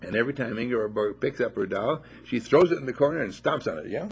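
A man giving an informal spiritual talk to a small group at a monastery, animated and playful, full of rhetorical questions. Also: medium pitch, fast, breathy edge. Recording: dull lo-fi recording.

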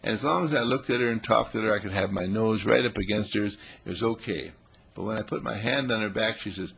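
Gravelly, husky man giving a spiritual talk. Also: fairly low pitch, brisk. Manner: playful, animated, voicing animals and quotes.

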